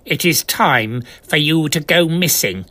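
A man's voice: a little high, animated, unhurried, pushed and bright, full character voice. A man doing a clipped, barking agent in black. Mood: menacing. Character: menacing male secret agent in black.

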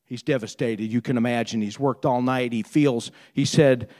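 Delivering a sermon at a moderate pace, a man retells a story with deep emotion in a darkish voice of fairly even intonation. He repeats and restarts words when moved and builds up to fervent preaching.

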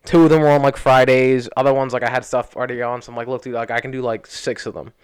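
A man's voice: mid-range voice, smooth, no echo. A young man co-hosting a podcast, rambling through a story in casual chat and leaning on "like" as he retells it. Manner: rambling, fast, lots of "like", animated retelling. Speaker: podcast co-host. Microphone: studio podcast mic.

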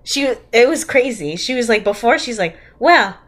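A woman's voice: fairly high pitch, animated, normal speed. A young woman co-hosting a casual podcast, sarcastically recapping a movie's plot, laughing often and acting out the characters' lines. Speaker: podcast co-host.

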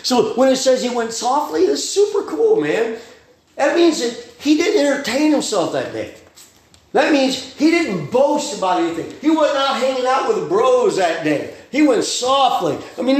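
High-voiced folksy preacher. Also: male voice, roomy sound. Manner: folksy, plainspoken preaching with slang and quick asides. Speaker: pastor. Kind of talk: sermon.

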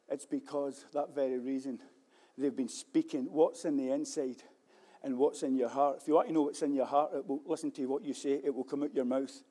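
A man preaching a sermon as pastor, moving between loud fervent stretches and quiet reflective ones, repeating key phrases. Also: medium pitch. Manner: acts out quoted voices and repeats key phrases.

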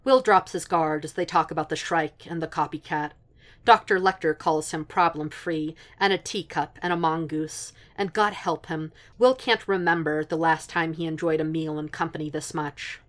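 A woman reading a piece of fan fiction aloud as audiobook narration, in a steady, even storytelling manner. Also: low-pitched, normal speed.

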